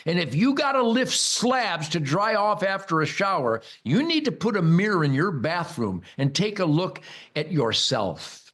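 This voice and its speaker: An older American man hosting a rambling, mocking political monologue, bombastic and loud, with sudden high-pitched outbursts. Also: big pitch swings, unhurried. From United States. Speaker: host.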